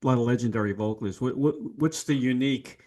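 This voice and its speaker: A man hosting a casual interview, upbeat, asking questions and chiming in with quick affirmations. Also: mid-range voice, a little mellow. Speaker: interviewer host.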